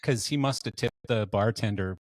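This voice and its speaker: A man's voice: lowish voice, normal speed, dry recording. A Canadian man hosting a podcast interview, telling long stories in a casual, rambling way full of fillers and restarts. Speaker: podcast host.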